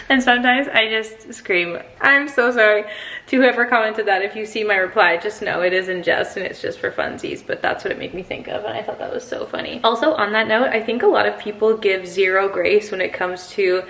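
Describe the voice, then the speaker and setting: A woman's voice: mid-range voice, a bit bright, roomy sound. Chatty jet-lagged English woman vlogger. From England. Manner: chatty, rambling, quick tangents. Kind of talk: casual morning chat to camera. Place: home.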